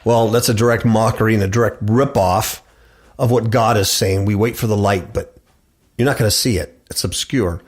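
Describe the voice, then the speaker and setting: A man's voice: on the low side, normal speed, slightly rough. A man preaching and reading scripture aloud, emphatic and repeating words for effect. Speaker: preacher hosting a religious talk show.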